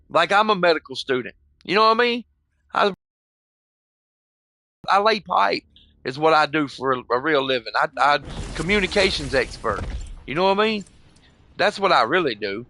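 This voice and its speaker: A man's voice: high voice, animated, normal speed, long pauses, pushed and bright, no room sound. Rambling, profane older man. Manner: rambling, profane, emotional, keeps saying "bro" and "you know what I mean". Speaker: gamer chatting on voice chat. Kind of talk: casual storytelling.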